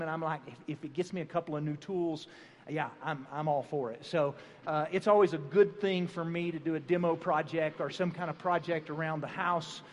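A middle-aged man leads a folksy church family class, chatty and full of restarts. His voice sits high. It rings through a big hall with long reverb. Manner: chatty, rambling with many fillers and restarts. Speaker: family seminar speaker. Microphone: handheld or stand microphone.

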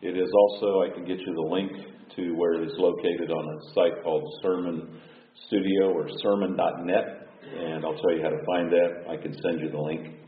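A male pastor preaching a sermon in a folksy, conversational way, often clearing his throat. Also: sits low, level tone, moderate pace, far from the mic, a little hiss or hum. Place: church sanctuary. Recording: echoey hall over a thin phone-like line.

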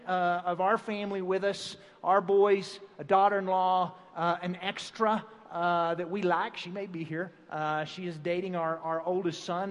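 A middle-aged man giving a folksy family class at a church gathering, rambling with fillers and restarts. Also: sits high. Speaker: family seminar speaker. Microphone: handheld or stand microphone. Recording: long hall reverb.

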